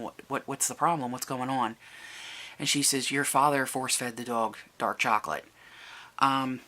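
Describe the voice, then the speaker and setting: Vlogger telling a family story, bright tense voice, keeps restarting, goes higher when quoting people. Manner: recounts events, raising the voice for quoted people; halting, with many restarts. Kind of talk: personal storytelling to camera.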